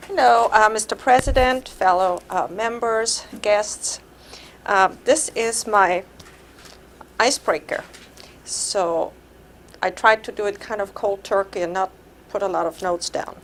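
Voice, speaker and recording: A woman's voice: medium pitch, measured pace, fairly bright tone, slight background noise. A middle-aged woman from Austria with an Austrian German accent, giving a conversational personal speech at a club meeting and laughing now and then. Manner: conversational, laughs while telling stories. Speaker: club speaker.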